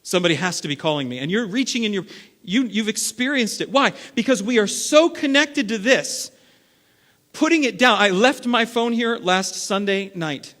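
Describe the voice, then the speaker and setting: Animated male pastor in a reverberant hall. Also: sits high, moderate pace. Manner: animated storytelling, acting out everyday scenes; sudden swings from loud to hushed. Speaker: lead pastor. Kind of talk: sermon. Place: church sanctuary. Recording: long reverb of a large hall.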